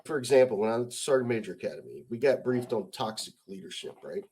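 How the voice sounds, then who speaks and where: A man's voice: mid-range voice, animated, a little fast, darkish tone, slightly rough. Blunt, profane middle-aged American man. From United States. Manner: emphatic, building points with rhetorical questions. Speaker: podcast guest, retired army sergeant major. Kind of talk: casual interview talk.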